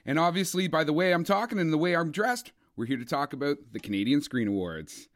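A man's voice: a little high, expressive, brisk, close to an everyday voice. A man putting on a broad, exaggerated Canadian hoser voice as a jokey podcast opener. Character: dopey Canadian hoser bro, good-natured.

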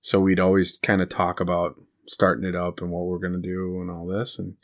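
A podcast co-host with a low, monotone voice chats casually at a brisk pace. He rambles through stories and laughs at his own jokes.

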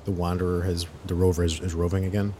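A man playing a tabletop horror game, deliberately talking through his character's plans out loud. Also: deep voice, little pitch movement, a little hiss or hum. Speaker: player.

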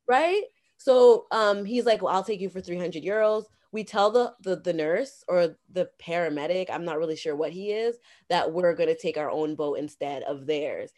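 A Canadian woman in a casual podcast chat, telling a story in an animated way and acting out the dialogue. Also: on the low side, normal speed, few pauses. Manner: animated, acts out quoted dialogue. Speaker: guest.

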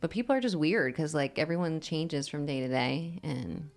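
A woman's voice: low-pitched, moderate pace, creaky. A woman hosting a casual podcast, laughing often and asking loose questions. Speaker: podcast host.

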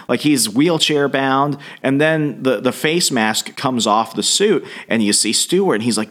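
A man's voice: medium pitch, moderate pace, few pauses, a bit bright. A man co-hosting a podcast, casually recapping a comic book story and acting out the characters' lines. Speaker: podcast co-host.

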